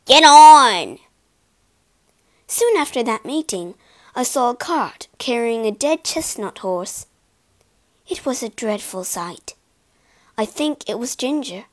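A woman reading a storybook aloud in a slow, clear way, giving the characters voices. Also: fairly high pitch, expressive. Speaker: storybook reader. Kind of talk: storybook narration for learners.

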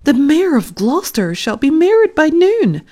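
Lady putting on a worn-out old tailor guy, fretting, loud and high. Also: sing-song, moderate pace. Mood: lamenting. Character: poor, weary old male tailor.

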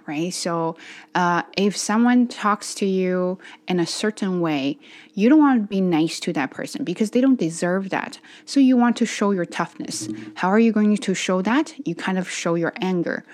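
A tired woman talking in a casual personal vlog, earnest and self-reflective, speaking in halting phrases as she practices her English. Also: medium pitch, darkish tone. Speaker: channel host practicing English.

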